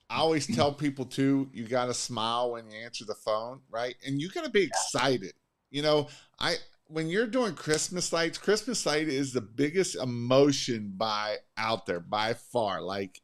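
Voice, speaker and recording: A man hosting a podcast, coaching on sales in an energetic, emphatic way and repeating his points. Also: mid-range voice. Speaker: podcast host. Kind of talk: casual sales coaching chat.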